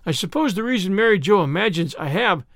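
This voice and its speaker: A man's voice: high-pitched, animated, quick pace, vocal fry, a bit bright, no room sound, clean studio sound, heavily acted. A man reading the part of an eager, earnest little boy with polite, old-fashioned speech.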